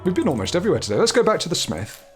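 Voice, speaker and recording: A man's voice: high voice, wildly swooping pitch, rapid-fire, faint music behind. A man chatting casually as he plays a game, laughing and swearing freely. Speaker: game player. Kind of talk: casual let's-play commentary.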